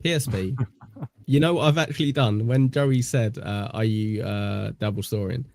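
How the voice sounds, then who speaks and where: A man's voice: on the low side, moderate pace, creaky, darkish tone, slight background noise. A British man from England hosting a podcast, rambling casually with lots of fillers and self-deprecating asides. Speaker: podcast host. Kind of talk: casual chat.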